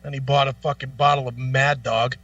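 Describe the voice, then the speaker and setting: Man, co-host, casual profane storytelling, bright lively voice, a bit off-mic. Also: medium pitch, a little fast, dry recording, distant mic, dull audio. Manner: profane, animated anecdote telling.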